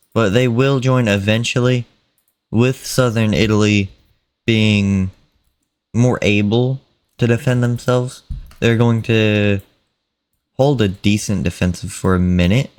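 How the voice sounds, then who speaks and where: A man casually narrating an imagined war over a map, unhurried and plain, with fillers and mock quotes. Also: lowish voice, clear, resonant tone, dry recording.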